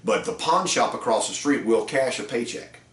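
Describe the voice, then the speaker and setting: A man's voice: medium pitch, animated, moderate pace, a bit bright. A man doing a curt, dismissive ex-soldier car salesman. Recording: roomy echo, distant mic.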